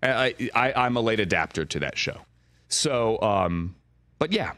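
A man's voice: fairly low pitch, sing-song, unhurried, fairly bright tone. A middle-aged male broadcaster chatting as a guest on a studio talk show, rambling through stories and mimicking on-air voices, often checking in with "right?". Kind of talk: animated casual studio chat. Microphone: studio mic with earpiece.

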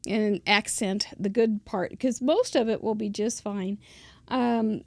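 A woman's voice: mid-range voice, takes it slowly, a little mellow, no room sound. A middle-aged woman casually teaching card making, chatting and thinking aloud as she works at a close mic. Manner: chatty, rambling, thinks aloud while working. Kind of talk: casual craft tutorial.

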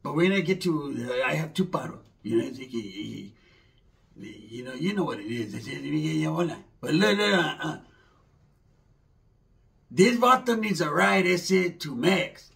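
A man's voice: a little high, animated, moderate pace, vocal fry, a bit bright. A man voicing a stoned young cousin who mumbles and stammers through a favor. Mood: rambling. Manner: stammering, mumbling, full of ums and restarts.

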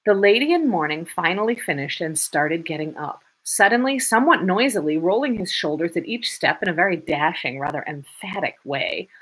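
A woman reading a classic novel aloud with expressive, dramatic narration. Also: lowish voice, moderate pace, hardly any pauses, husky.

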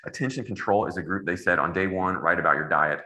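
A man's voice: sits low, fast talker, bright, forceful tone, roomy sound, low-quality recording. A middle-aged man giving a medical lecture in a casual, digressive way with wry asides. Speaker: anesthesiologist giving grand rounds.

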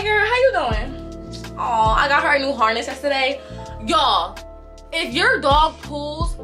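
Animated, bright-voiced young woman vlogging. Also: high-pitched. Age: 20s. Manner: animated, outspoken, slangy and blunt. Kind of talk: casual vlog chat. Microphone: compact camera held close.

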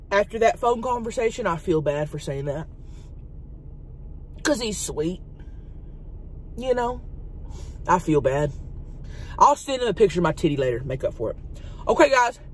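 A woman playing a brash, crude trailer-park wife who chats crudely while eating in a parked car. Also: on the high side. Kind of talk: comedic mukbang character sketch.

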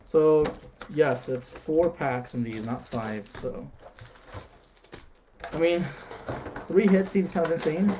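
Young dude opening packs on a live stream, chill and chatty, kinda higher voice, little bit of background noise. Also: male voice, slow, pauses often. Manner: casual, calls out cards, bursts into excited shouts and laughs. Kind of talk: live card pack opening.

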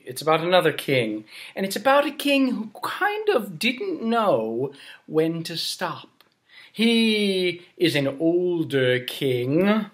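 Animated male children's storyteller, unhurried, pitch swings wide. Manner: animated, playful, invites the audience to join in.

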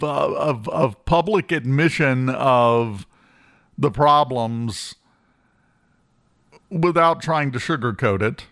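A man's voice: a little high, a bit bright, no room sound. A man hosting a talk radio show in a studio, delivering a blunt, sarcastic opinion monologue with emphatic repetition.

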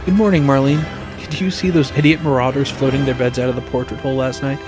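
A man's voice: medium pitch, fairly even intonation, fast, over music, natural voice. A man voicing a prim, indignant teenage schoolgirl who scolds in a huffy tone.

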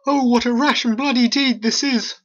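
A performer voicing a worried queen mother in an amateur animated play, reading the verse plainly. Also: mid-range voice, moderate pace, muffled recording, lightly acted. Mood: shocked.

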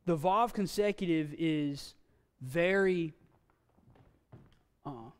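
A man teaching a Bible language class in a church classroom, folksy and halting, with frequent fillers and restarts. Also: on the high side, clear, resonant tone. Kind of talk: classroom lecture. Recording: long reverb from a hall.

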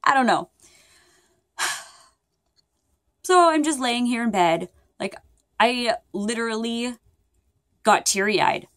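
A woman's voice: on the high side, expressive, takes it slowly, long pauses, a bit bright, no echo. A young woman talks casually to her viewers while lying in bed. She rambles, sounds upset and keeps apologizing. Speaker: vlogger. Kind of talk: casual vlog talk to viewers.

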